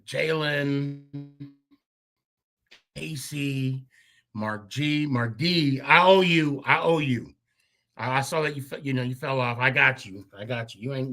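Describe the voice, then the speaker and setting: A man hosting a sports fan podcast, closing the show with loose, rambling thank-yous and shout-outs to listeners. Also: mid-range voice. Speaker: podcast host. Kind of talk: casual sign-off chat.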